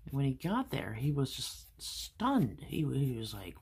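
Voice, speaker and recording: A woman's voice: extremely low pitch, big pitch swings, measured pace, darkish tone, slightly rough. A woman art vlogger chatting casually and rambling through a story while she draws. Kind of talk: casual chat while drawing.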